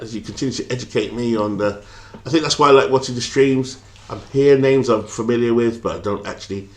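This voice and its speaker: A British man streaming a baseball simulation, chatting casually, thinking aloud and reading out viewer comments, with lots of hesitant fillers. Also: medium pitch. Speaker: game streamer.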